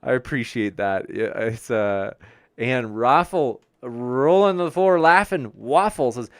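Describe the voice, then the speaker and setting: A man's voice: mid-range voice, lively intonation, a little slow, dry recording, studio quality. A man hosting a debate livestream, reading and answering viewer chat in a friendly, upbeat way and stumbling over viewer names. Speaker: debate show host reading live chat.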